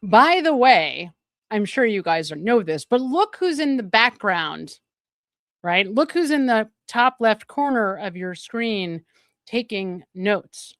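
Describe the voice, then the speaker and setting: A woman's voice: medium pitch, no room sound, studio quality. A woman hosting a live stream, commenting on a court hearing in an emphatic, exasperated way and repeating her points.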